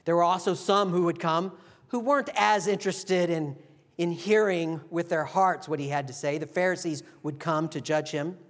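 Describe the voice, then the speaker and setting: Guy preaching a sermon, fairly high voice, acts out the lines, long reverb in the room. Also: fairly even intonation, normal speed, fairly bright tone. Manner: storytelling, acts out quotes. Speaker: pastor.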